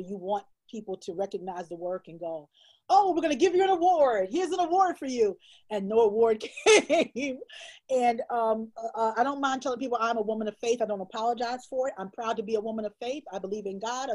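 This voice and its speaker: A woman with a husky, breathy edge to her voice tells stories in an interview. She is emphatic and heartfelt, and she often doubles a phrase to drive it home. Her pitch sits in a middle range. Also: a little mellow, rough recording. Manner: emphatic, repeats phrases for stress. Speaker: illustrator and storyteller, guest.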